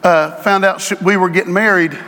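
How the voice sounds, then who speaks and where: Middle-aged man, pastor, fervent sermon, drawn-out emphatic lines, forceful tone, reverberant church hall. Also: high-pitched, steady tone. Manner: fervent preaching, drawn-out emphatic phrases, rising to shouts.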